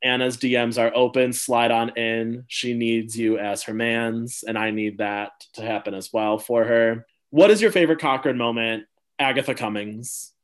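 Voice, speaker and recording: A man hosting a casual podcast chat, playful and gushing, quick to laugh. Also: mid-range voice, steady tone. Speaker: podcast host.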